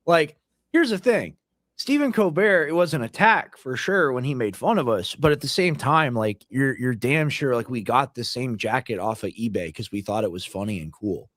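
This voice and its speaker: A man's voice: mid-range voice, expressive, moderate pace, fairly bright tone, no room sound. Rambling man with a dry sound. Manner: rambling, heavy use of "like" fillers. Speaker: co-host. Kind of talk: casual livestream chat.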